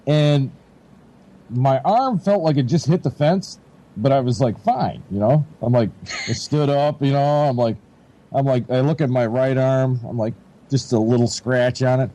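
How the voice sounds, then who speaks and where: A man's voice: mid-range voice, measured pace, mellow, low-quality recording. A man telling a rambling personal story in casual chat, swearing and laughing as he goes. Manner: laid-back rambling storyteller, swears, laughs often, acts out quotes. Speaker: podcast co-host.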